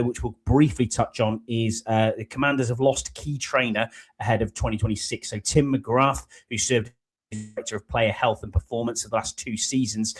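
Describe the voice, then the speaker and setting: Man, podcast host, fairly low voice, casual chat, lots of ums. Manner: chatty, frequent ums and "mate".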